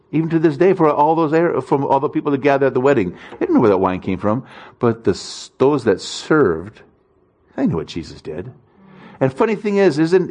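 A man's voice: fairly high pitch, darkish tone. A man preaching a sermon in an easygoing, conversational manner, telling stories with self-deprecating humor and acting out the voices in them. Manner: acts out quoted voices in stories. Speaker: pastor.

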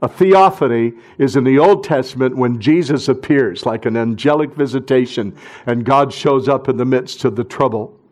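A male pastor preaching a sermon, swinging from loud emphatic bursts down to hushed, near-whispered phrases. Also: mid-range voice, moderate pace.

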